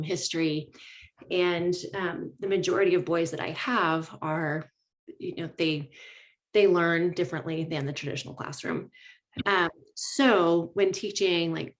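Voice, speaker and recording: Hesitant woman teacher with lowish voice. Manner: polite, hesitant, many ums. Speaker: middle school teacher asking a question. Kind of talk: audience question. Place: workshop room.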